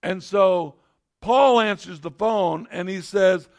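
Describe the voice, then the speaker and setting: A man's voice: sits high, unhurried. A middle-aged man preaching a sermon, reading scripture and telling stories in a conversational way with frequent restarts. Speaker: pastor.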